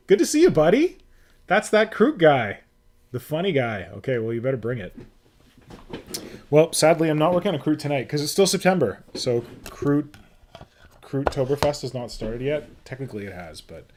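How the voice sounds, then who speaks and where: A Canadian man with a mid-range, darkish voice hosts a casual livestream from home, and the recording is noisy. Between chatting with viewers, he mutters to himself while tinkering with his settings.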